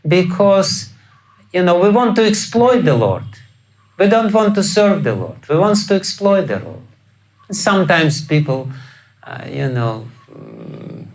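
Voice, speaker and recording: A man's voice: on the high side, gravelly, rough recording. A man with a Russian accent lecturing on scripture as a spiritual teacher, chuckling often and asking rhetorical questions. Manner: acts out quoted voices with sudden loud outbursts. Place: lecture hall.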